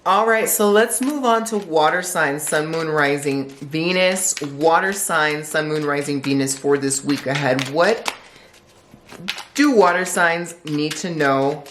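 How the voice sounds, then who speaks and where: A woman's voice: low voice, unhurried, reverberant, slight background noise. A woman giving a tarot forecast, asking a string of reflective rhetorical questions. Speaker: tarot reader.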